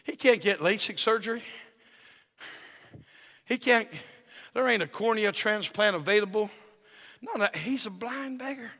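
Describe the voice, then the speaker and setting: Bright, high-pitched shouting preacher. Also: male voice, unhurried, pauses often. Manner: swings from low intimate storytelling to shouted climaxes; folksy Southern-style phrasing with "ain't" and "y'all". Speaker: guest preacher. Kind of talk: sermon. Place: church sanctuary. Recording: reverberant church hall.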